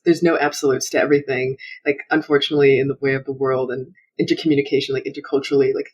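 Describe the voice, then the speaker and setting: A man speaking as a guest on a casual podcast, animated and laughing often between quick asides. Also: on the high side.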